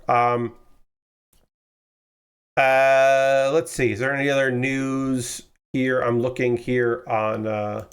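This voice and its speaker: Tired and yawning, a man with a smooth, mid-range voice hosts a model kit build stream. He chats casually as he builds, rambling with plenty of fillers and an occasional swear word.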